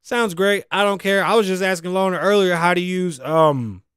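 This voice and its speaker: A middle-aged man hosting a podcast, ranting in casual, profane, animated commentary and wheezing a little. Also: sits high, normal speed, smooth, dry recording, studio quality. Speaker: podcast host.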